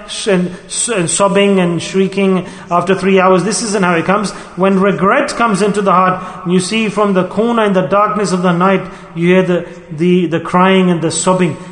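Brief: male preacher, high voice, emphatic and repetitive, rhetorical questions, reverberant hall recording. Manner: emphatic, repeats key words, rhetorical questions. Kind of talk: sermon. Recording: echoey hall with long reverb.

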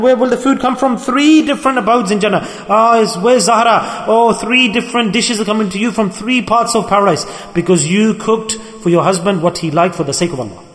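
A man preaching a sermon, animated and lively, acting out the people he quotes and mixing religious terms into his talk. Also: sits high, big-room sound. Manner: animated, acts out quoted people, mixes Arabic and Urdu terms.

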